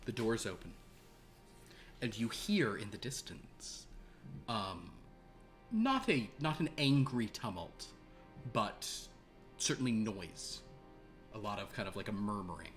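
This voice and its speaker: A man's voice: on the low side, sing-song, slow pace, long pauses, faint music behind. A man narrating a tabletop game as game master, rambling and playful. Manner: rambling, self-interrupting, playful.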